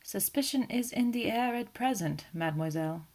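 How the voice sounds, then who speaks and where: A woman voicing an elderly, fussy male Belgian detective, speaking gently and ironically in an audiobook. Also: on the high side, expressive, moderate pace, voice pushed up. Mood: gently evasive. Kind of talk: audiobook character voice.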